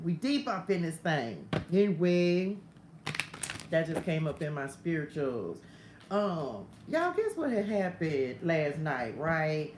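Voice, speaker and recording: A woman's voice: low voice, a little mellow, a little hiss or hum. A middle-aged woman hosting a casual morning spiritual livestream, talking in a chatty way, laughing often and drifting into side stories over a phone stream. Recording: roomy room with faint ambience.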